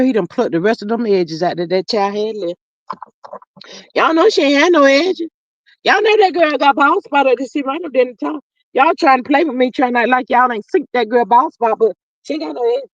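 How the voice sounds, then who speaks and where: A livestream host casually reads viewer chat aloud and answers with playful, slangy asides and drawn-out hums. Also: high-pitched, dry recording, dull audio. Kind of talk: casual commentary.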